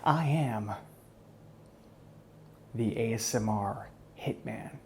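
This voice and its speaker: A man voicing a smug, menacing male hitman in a whispered role-play, taunting his captive in a soft, close voice. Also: medium pitch, slow pace, a little hiss or hum. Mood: menacing calm. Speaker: ASMR role-play performer.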